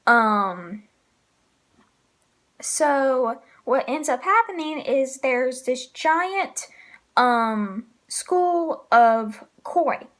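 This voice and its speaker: A woman with a high voice gives a casual spoken review of manga chapters. She talks slowly and rambles, full of ums and likes, and she laughs often. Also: animated, a bit bright.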